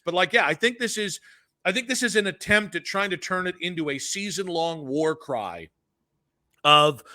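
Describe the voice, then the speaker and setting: A man co-hosting a sports radio show, chatting in an animated way with quick asides. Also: high voice. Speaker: radio co-host.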